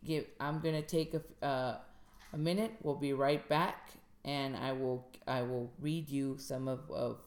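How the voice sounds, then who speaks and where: A woman hosting a podcast on writing craft, reading aloud from a guide in a measured way and then talking it over loosely, with fillers and restarts. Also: very deep voice, steady tone, a little mellow. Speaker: podcast host and indie author.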